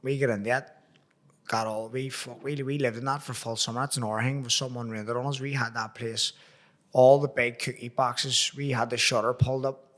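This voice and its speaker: A man's voice: mid-range voice, fairly even intonation, normal speed, a bit bright. Belfast man, podcast host, loose and rambling, full of local slang. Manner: rambling, nostalgic, uses slang like "wee" and "crack". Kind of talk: casual chat.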